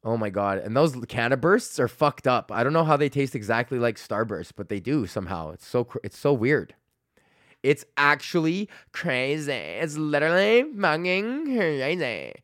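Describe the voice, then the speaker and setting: A man's voice: mid-range voice, expressive, moderate pace, a bit bright, no echo, clean studio sound. A young man hosting his own comedy podcast, ranting with constant swearing and frequent laughter. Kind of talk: profane solo rant.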